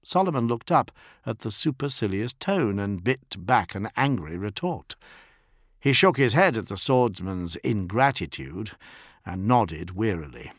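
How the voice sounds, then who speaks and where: A man giving dramatic scripted narration of an audiobook in a measured, grave way. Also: lowish voice, very animated, no room sound, studio quality.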